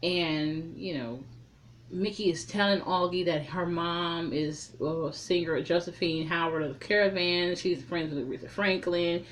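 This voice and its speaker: A woman's voice: fairly low pitch, a little slow, slight background noise. Woman reviewer, blunt, swears freely, chatty recap with strong opinions. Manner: profane, blunt, animated storytelling. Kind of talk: casual recap and commentary.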